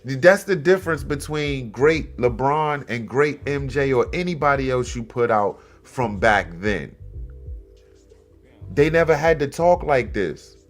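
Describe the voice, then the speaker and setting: A man hosting a comedy commentary show, animated and mocking, swinging between loud exclamations and low mutters. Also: measured pace, faint music behind. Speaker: host.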